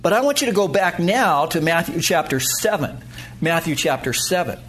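An emphatic man preaches a sermon to his congregation, his voice sitting a little high for a man. He swings between loud, climbing peaks and quiet, low asides. Faint noise hangs under his voice. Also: sing-song, normal speed. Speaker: pastor.

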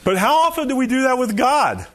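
A man's voice: very high voice, expressive, brisk, fairly bright tone. A man preaching a sermon in a conversational, folksy way, often saying "you know" and chuckling. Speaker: pastor.

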